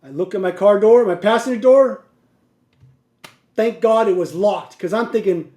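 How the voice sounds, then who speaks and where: High-voiced man telling a story animatedly. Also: normal speed, long pauses, reverberant. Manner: animated, laughing, digressive. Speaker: truck driver. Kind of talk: casual storytelling vlog.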